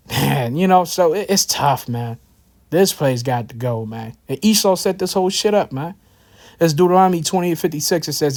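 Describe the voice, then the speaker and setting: A man's voice: on the high side, normal speed. A man giving casual scripture commentary, telling a personal story in a loose, slangy way with many fillers and asides. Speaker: religious teacher.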